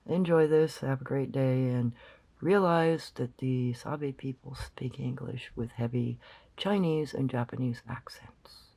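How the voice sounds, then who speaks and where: A man's voice: medium pitch, unhurried, vocal fry, darkish tone. A man explaining a recording in casual commentary, rambling and thinking aloud with many fillers. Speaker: channel host.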